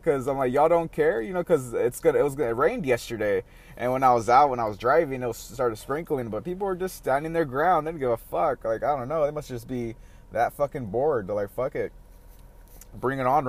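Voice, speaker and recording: A man hosting a casual solo podcast, rambling in a profane, laughing, chatty way. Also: mid-range voice. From San Diego area. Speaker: podcast host.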